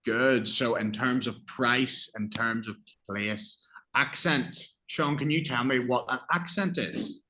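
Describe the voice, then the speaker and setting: Male teacher, patient and encouraging, bright clear voice. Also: mid-range voice, takes it slowly. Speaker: English teacher. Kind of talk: classroom vocabulary review.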